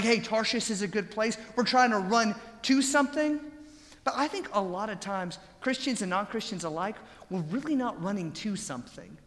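A man preaching a sermon, telling stories energetically, asking the crowd rhetorical questions and building up to shouts. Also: high voice, big-room sound.

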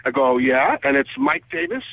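A male guitarist guest telling stories over the phone, acting out quoted conversations with lively energy. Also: fairly high pitch, moderate pace, creaky, breathy edge. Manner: animated, acts out quoted conversations. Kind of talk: phone interview storytelling. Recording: tinny phone line.

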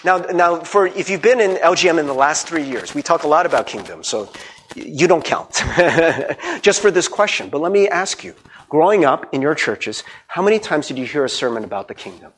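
Husky guy pastor preaching, high lively voice, keeps asking the crowd stuff. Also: normal speed. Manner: animated, playful, asks the congregation many questions. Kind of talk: sermon.

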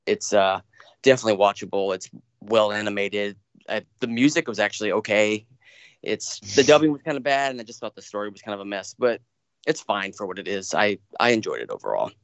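A man's voice: on the low side, expressive, brisk, clear, resonant tone, dry recording. Laid-back man with lots of fillers. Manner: laid-back, hesitant, with many fillers and casual swearing. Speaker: podcast co-host reviewing films. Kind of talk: casual film review chat.

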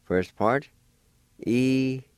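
Slow, careful male language teacher. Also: mid-range voice, clean tone, no room sound, clean studio sound. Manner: slow, careful syllable-by-syllable pronunciation; encouraging. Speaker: radio host and language teacher. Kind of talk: radio language lesson.

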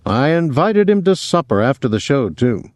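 Reading an audiobook, a man voices a restless young man who jokes breezily and talks a lot. He pitches his natural voice higher to a medium level, sounding very animated with a darkish tone at a moderate pace. The studio-quality recording has no room sound.

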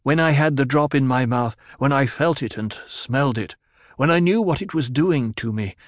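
A man voicing a young man just out of a coma, his voice weak but steady. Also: mid-range voice, moderate pace, no echo, studio quality, lightly acted.

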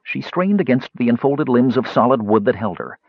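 A man narrating a fantasy audiobook in an expressive storytelling manner. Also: mid-range voice, fairly quick, slightly rough, dry recording. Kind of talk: scripted narration. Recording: slightly dull lo-fi recording.

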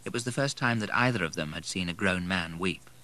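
A man reads a novel aloud in steady, measured narration. His voice is bright and sits a touch low. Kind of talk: audiobook narration.

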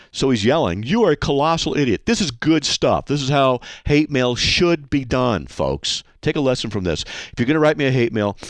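A man hosts a radio call-in show, reading out mail in a mocking tone and laughing often. His pitch swings widely. He is recorded close and dry on a studio mic. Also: no room sound. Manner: animated and mocking, with frequent laughs.

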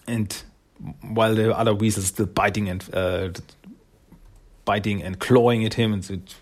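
A man with a low, slightly husky voice talks through a cartoon episode in a loose, rambling way. He fills pauses with ums and chuckles as he goes. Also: steady tone. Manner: rambling, with fillers and frequent chuckles. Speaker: storyteller recapping a cartoon episode. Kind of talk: casual spoken recap.

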